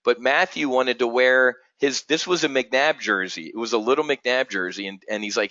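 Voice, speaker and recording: A male trading webinar host with a forceful, bright voice, blunt and energetic, rambling as he goes. The audio is dull and lo-fi, with a dry, close sound and no room echo. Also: mid-range voice, normal speed, few pauses. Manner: energetic, blunt, rambling, keeps calling out "folks". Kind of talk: live trading webinar talk.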